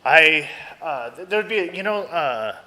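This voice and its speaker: A young American man telling a story casually as a podcast guest, animated and acting out voices. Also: on the high side, slow pace, big-room sound. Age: young adult. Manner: animated, acts out voices in his stories.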